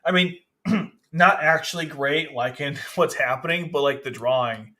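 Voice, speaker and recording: A man's voice: a little high, moderate pace, bright, forceful tone. A man casually reviewing a manga chapter, rambling, with frequent restarts. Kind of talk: casual commentary.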